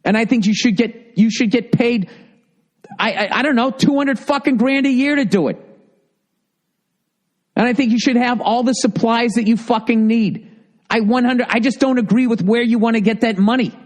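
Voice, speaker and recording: A comedian hosting a podcast, ranting heatedly and sarcastically, with constant swearing. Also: male voice, extremely high pitch, moderate pace. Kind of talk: profane comedic rant.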